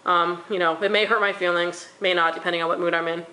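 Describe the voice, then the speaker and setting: A woman's voice: on the low side, fairly even intonation, fast, pushed and bright, a little hiss or hum, low-quality recording. A woman chatting casually to camera at home, rambling in a friendly way with apologetic asides as she reviews wax melts. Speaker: wax haul vlogger.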